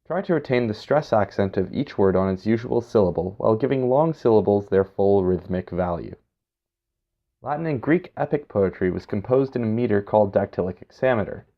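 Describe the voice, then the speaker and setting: A man giving a scripted educational narration in a measured, explanatory way. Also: lowish voice, animated. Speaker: instructor. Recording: dull, lo-fi recording.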